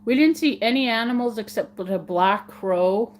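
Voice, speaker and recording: A woman's voice: a little high, measured pace. A woman hosting a casual live stream, chatting with viewers in a giggly, playful way and repeating words for fun.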